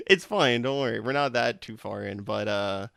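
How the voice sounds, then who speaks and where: A man's voice: mid-range voice, big pitch swings, unhurried, gravelly, a crowd in the background. A young man hosting a casual podcast, rambling with lots of swearing and restarts. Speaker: podcast host.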